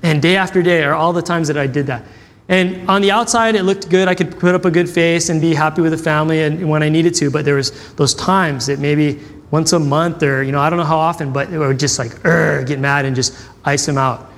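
A man's voice: on the high side, fairly even intonation, a little fast, a bit bright, big-room sound. A man preaching a sermon, telling personal stories in a conversational way and acting out the dialogue. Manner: conversational, acts out quoted dialogue. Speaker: pastor.

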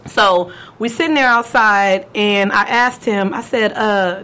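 Lively young woman telling a story. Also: normal speed, few pauses. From California. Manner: animated, acts out quotes with big pitch jumps. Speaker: podcast host. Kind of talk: casual storytelling chat.

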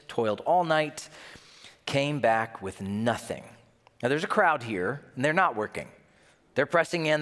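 A man's voice: fairly high pitch, in a large hall. A man preaching a sermon, telling stories with animation and acting out the quotes. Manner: animated storytelling, acts out quotes. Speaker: pastor.

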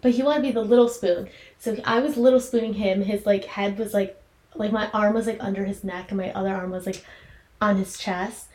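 A woman's voice: medium pitch, fairly even intonation, a little fast, darkish tone. A woman in her twenties co-hosting a podcast, telling stories in a rambling way with lots of "like". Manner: rambling storyteller, heavy filler "like". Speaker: podcast co-host. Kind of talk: casual chat. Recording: echoey room, faint noise.

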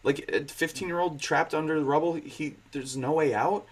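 A man in his twenties hosting a casual movie discussion, excitable, with bursts of laughter. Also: a little high, normal speed. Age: 20s. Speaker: podcast host.

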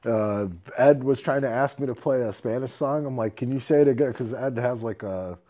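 A man co-hosting a podcast in casual chat, telling a rowdy story with lots of laughter, swearing and loud acted-out quotes, a bit tipsy. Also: mid-range voice, normal speed. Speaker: podcast co-host.

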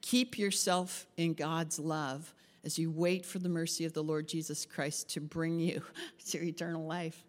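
A woman's voice: deep voice, steady tone, a little slow, few pauses. A woman pastor giving a chatty, interactive sermon and asking the group questions. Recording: long hall reverb.

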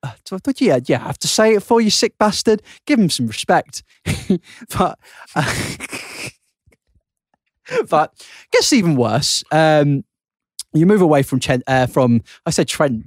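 A man's voice: a little high, no echo, clean studio sound. A young man co-hosting a podcast, rambling through crude jokes with lots of giggling. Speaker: podcast co-host. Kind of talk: casual comedic podcast chat.

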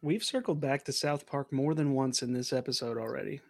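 A man's voice: mid-range voice, brisk, gravelly, a little mellow, no room sound, clean studio sound. A man co-hosting a podcast in casual chat, joking and steering the topics. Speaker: podcast co-host.

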